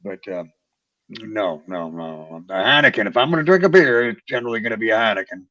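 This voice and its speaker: A man's voice: fairly low pitch, animated, brisk, pushed and bright, dry recording. Male guest, hesitant, lots of fillers, muffled lo-fi line. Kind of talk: casual chat on a live stream.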